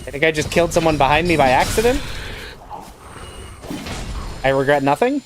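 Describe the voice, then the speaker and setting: A man's voice: on the high side, big pitch swings, normal speed, music in the background. A man giving wry, self-mocking let's play commentary as he plays through a game. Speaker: gamer playing a randomizer.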